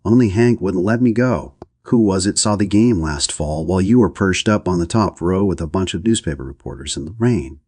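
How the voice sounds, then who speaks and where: A man's voice: low voice, expressive, a little fast, few pauses, darkish tone, no room sound, clean studio sound. An audiobook reader, a man, voicing a pert and defiant teenage girl. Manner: pert and scornful.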